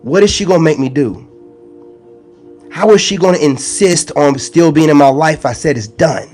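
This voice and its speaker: A man's voice: fairly high pitch, moderate pace, darkish tone, soft background music. A man ranting straight to his viewers in a confrontational, slangy monologue, repeating his points as an online spiritual content creator. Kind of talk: ranting direct-to-camera monologue.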